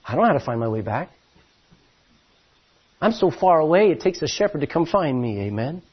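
A man preaching a sermon as pastor, telling stories in an animated way with many restarts, his voice a little husky. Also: on the high side, brisk, muffled recording.

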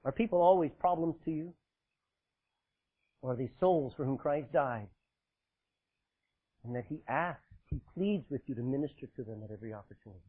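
A man preaching a sermon to a congregation, emphatic and forceful, joking with the listeners in between. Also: mid-range voice, normal speed, pauses often, slightly rough. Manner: forceful, emphatic preaching with sudden loud bursts and dramatic drops; laughs often, jokes with the congregation. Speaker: pastor. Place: church, live congregation. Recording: tinny phone-like sound.

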